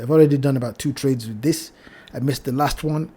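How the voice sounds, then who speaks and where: Guy going over crypto charts, mellow warm voice, keeps saying be careful and repeating himself. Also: on the high side, fast talker, few pauses, husky. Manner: cautionary, repeats phrases, addresses "ladies and gentlemen". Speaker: crypto trading channel host. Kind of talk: chart analysis talk.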